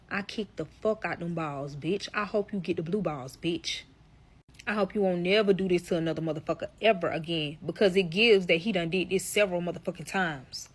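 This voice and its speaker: A young woman spins a dramatic personal story for her followers, cursing freely and hammering every point home. Her voice rings bright and a little sharp, and she talks right to the camera as if to friends. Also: lowish voice, slightly rough. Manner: profane, blunt and emphatic, addresses viewers directly. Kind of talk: casual storytime vlog.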